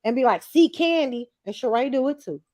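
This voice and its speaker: A woman's voice: a little high, fast, darkish tone. A woman co-hosting a casual reality-TV recap chat, blunt and slangy, laughing often. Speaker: podcast co-host.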